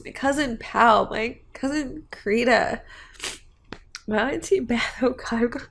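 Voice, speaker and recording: A woman vlogging about her family and hopes, rambling and heartfelt with many fillers. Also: sits high. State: tearful at times. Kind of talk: emotional personal vlog.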